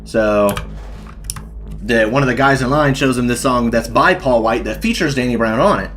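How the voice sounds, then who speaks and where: Young male podcast co-host, profane rambling storyteller, mid-pitched, faint typing clicks behind. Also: moderate pace, fairly bright tone, slight background noise. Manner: profane, rambling storyteller, mock-ranting in bursts. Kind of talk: casual chat.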